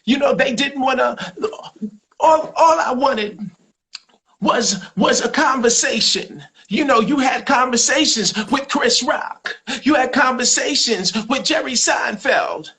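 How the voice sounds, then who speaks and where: A man's voice: very high voice, measured pace, sharp tone, pitched above the performer's own voice, exaggerated voice. A man voicing an indignant, proud woman comedian who scolds and protests in a sassy manner. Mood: aggrieved. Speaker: comedian doing impressions.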